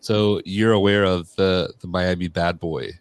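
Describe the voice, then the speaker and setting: Low-voiced male podcast host. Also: steady tone, unhurried, smooth, dry recording. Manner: loose, filler-heavy, frequent "like". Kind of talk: casual interview chat.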